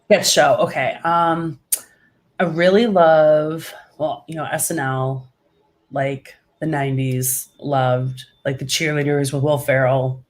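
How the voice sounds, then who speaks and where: A woman's voice: low voice, fairly even intonation, slow. Chatty woman stand-up comic as interview guest, gushing, filler-heavy, laughs easily. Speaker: comedian guest. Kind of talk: casual interview chat.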